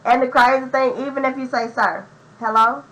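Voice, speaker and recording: A young adult woman telling a profane, slang-heavy story in an animated, casual storytime vlog. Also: high voice, quick pace, low-quality recording. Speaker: vlogger.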